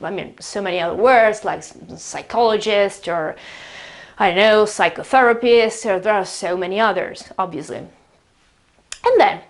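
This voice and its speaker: A native Italian speaker from Italy, this woman has an Italian accent and a medium-pitched voice. She teaches an English pronunciation lesson beside a whiteboard, chatting and explaining as she slowly repeats words to demonstrate them.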